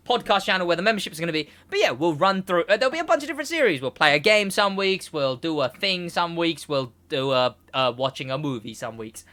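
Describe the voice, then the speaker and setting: A young man co-hosting a casual podcast, rambling and animated, laughing often. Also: high voice. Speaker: podcast co-host, gaming segment host.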